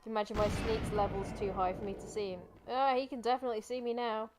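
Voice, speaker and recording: A woman commenting chattily on a game during a live stream, wry and quick to swear and laugh at the game. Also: a little high, level tone, over music.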